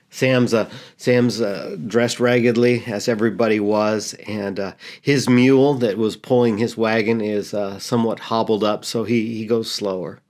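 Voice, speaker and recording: A man, a pastor, telling a story in a sermon, halting and repeating words earnestly. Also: on the low side, darkish tone.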